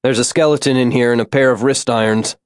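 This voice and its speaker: A man voicing a steady young man leading a cave expedition, calm and encouraging. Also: mid-range voice, quick pace, clean tone, no echo, studio quality, close to an everyday voice. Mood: intrigued.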